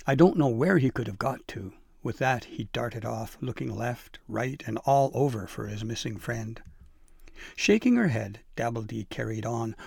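A man narrating a storybook in a gentle, measured reading. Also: mid-range voice, vocal fry, husky, dry recording, studio quality.

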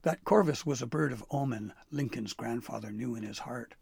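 A man narrating a storybook with an expressive, dramatic read-aloud manner. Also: medium pitch, normal speed, creaky, slightly rough, dry recording, studio quality.

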